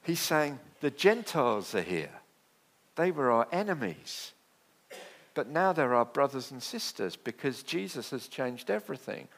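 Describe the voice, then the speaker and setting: Male pastor, sermon delivery, conversational with light jokes, very lively pitch. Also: unhurried. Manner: animated, conversational preaching with asides and jokes.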